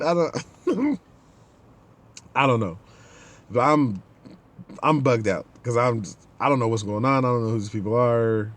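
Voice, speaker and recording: Male podcast host with a lively, swinging pitch. He tells a casual story and acts out the people in it. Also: normal speed, pauses often. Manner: animated, acts out the people in his stories.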